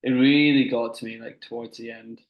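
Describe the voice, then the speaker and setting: Young guy on a podcast, laid back, pretty monotone, echoey room. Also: medium pitch, normal speed, narrow, tinny audio. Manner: relaxed, conversational, backs up his partner. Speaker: podcast co-host. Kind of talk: casual chat.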